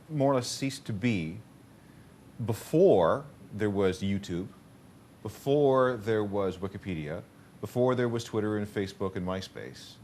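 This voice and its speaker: Male radio host, low and animated delivery, dry jokey asides, casual chat. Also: a little hiss or hum. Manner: relaxed, wry, jokey follow-up questions.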